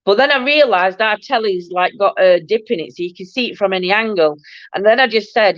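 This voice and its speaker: Yorkshire woman from Barnsley hosting a casual livestream, chatty and quick to laugh, dull dry recording. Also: medium pitch, lively intonation, no echo. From Yorkshire, England. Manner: chatty and laughing, broad dialect. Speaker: livestream host. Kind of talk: casual chat reading viewer comments.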